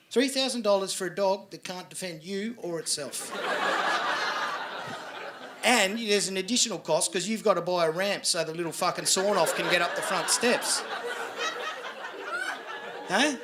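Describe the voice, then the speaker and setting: A man with an Australian accent doing a crude stand-up set, swearing and building into loud storytelling. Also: high voice, heavy background noise. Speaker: stand-up comedian. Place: comedy venue with audience laughter.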